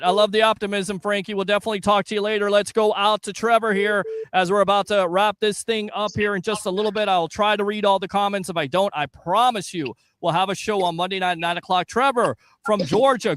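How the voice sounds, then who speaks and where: Male sports talk host, high voice, energetic, dry close sound. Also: fairly quick, few pauses, no room sound. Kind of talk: sports call-in show.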